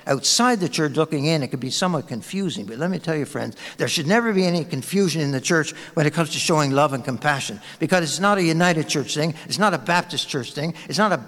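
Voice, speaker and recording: Pastor, male, sermon: anecdotal and conversational, animated, a little high, in a long-reverb hall. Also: quick pace, few pauses. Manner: storytelling, conversational, warm anecdotes.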